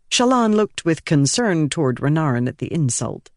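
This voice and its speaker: A man reading an audiobook in measured scripted narration, giving each character a voice. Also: on the high side, very animated, darkish tone, no echo, clean studio sound.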